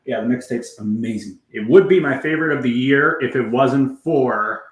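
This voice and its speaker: In an echoey room, a man talks loosely on a music livestream, his mid-range voice moving at normal speed. He meanders from topic to topic, swears casually, and replies to chat along the way.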